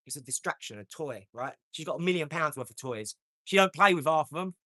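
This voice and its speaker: A man, hosting a casual live stream, brash and boastful, with slang and swearing, swinging from loud outbursts to low mumbling. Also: expressive, a little fast. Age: 40s.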